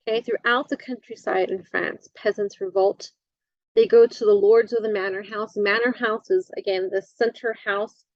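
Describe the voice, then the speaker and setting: A woman instructor giving a recorded lecture, halting often with fillers and correcting herself as she goes. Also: medium pitch, no room sound, muffled recording.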